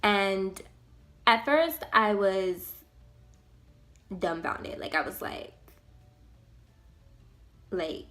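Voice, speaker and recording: A young woman tells a personal story to her viewers. Her talk is casual, animated and full of slang. Her voice sits at a middle pitch. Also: extremely slow, long pauses. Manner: animated, slangy and conversational, with many fillers. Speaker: vlogger. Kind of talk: storytime vlog, casual retelling.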